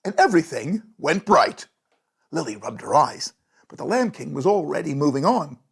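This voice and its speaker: A storyteller reading a bedtime story aloud in a gentle, animated way, with a gravelly, breathy voice. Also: medium pitch, normal speed.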